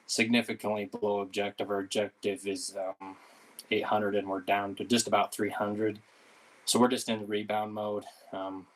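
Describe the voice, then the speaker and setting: A man's voice: on the low side, rough recording. A man who works as a wildlife biologist giving matter-of-fact answers at a public meeting.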